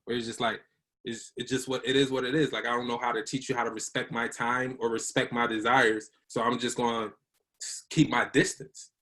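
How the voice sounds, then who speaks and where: A man's voice: medium pitch, level tone, a little fast, a bit bright. A young man telling a candid personal story in casual slang, acting out the voices of the people he quotes.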